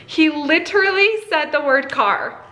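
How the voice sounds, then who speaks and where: A woman vlogging at home as a mother, talking excitedly and directly to her viewers. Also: high-pitched, unhurried. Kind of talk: casual chat to camera. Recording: roomy echo.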